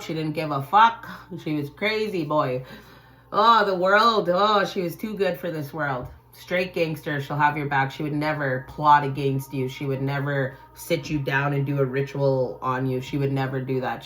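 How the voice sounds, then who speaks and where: A woman's voice: low-pitched, moderate pace, fairly bright tone, low-quality recording. A woman host telling an emotional personal story in a casual, emphatic way and swearing freely. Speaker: tarot channel host.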